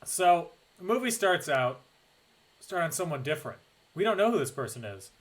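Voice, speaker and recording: A man co-hosting a podcast in casual chat, joking and animated as he recaps a film. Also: fairly high pitch, normal speed, low-quality recording. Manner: animated, joking, drops into mock voices. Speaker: podcast co-host.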